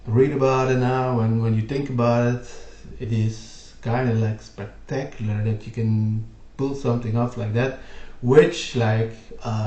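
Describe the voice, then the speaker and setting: Slow-talking man explaining history. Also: medium pitch, mellow, muffled recording. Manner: rambling, lots of fillers. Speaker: video host. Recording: roomy echo.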